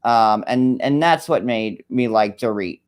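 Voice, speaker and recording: A man's voice: medium pitch, measured pace, smooth. A man hosting a casual chat, rambling with lots of fillers, with a New York area accent. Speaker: host.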